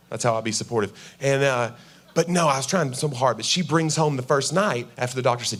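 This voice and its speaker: A man's voice: mid-range voice, expressive, fairly quick, fairly bright tone. A man in his forties doing stand-up comedy on a church stage, talking to the crowd conversationally and acting out little scenes with his wife. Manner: conversational, acts out voices of his wife and himself. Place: church auditorium with a live audience.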